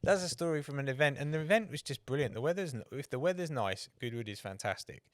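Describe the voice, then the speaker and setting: Swearing, rambling podcast co-host. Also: male voice, mid-range voice, lively intonation, fast, no echo, studio quality. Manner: swears freely, tells rambling anecdotes with acted quotes. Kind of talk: casual chat.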